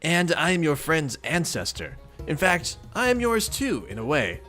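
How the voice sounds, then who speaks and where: A man's voice: on the high side, wildly swooping pitch, normal speed, sharp tone, faint music behind, voice pushed up, heavily acted. A man voicing a sweet, chatty, know-it-all female troll ancestor, reading a webcomic aloud, with precise and properly enunciated speech. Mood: calm, knowing.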